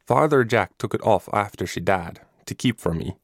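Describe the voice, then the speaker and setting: A man's voice: fairly low pitch, expressive, moderate pace, no echo, clean studio sound. A man voicing an earnest, eager young drummer boy in a storybook reading, raising his voice for the child. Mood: hopeful.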